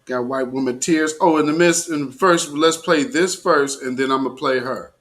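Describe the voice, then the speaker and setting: A man's voice: on the high side, moderate pace, fairly bright tone. A man hosting a live commentary show, talking casually with slang, exclamations and mocking asides to his audience.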